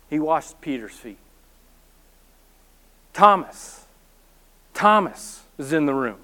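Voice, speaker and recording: Brief: male pastor, higher-pitched voice, lively storytelling sermon with self-deprecating humor.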